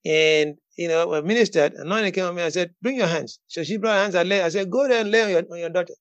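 A man with a high, light voice preaches in a dry, close recording. He moves from quiet teaching into loud, bold declarations and often repeats his words as he builds up. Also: fast talker, dry recording, dull audio. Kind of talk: sermon with prayer call-in.

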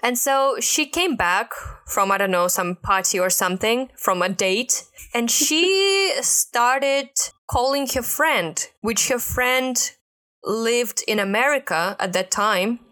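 A young woman chatting casually, a lively storyteller who laughs often and says "like" a lot. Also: on the high side, slow pace. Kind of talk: casual chat.

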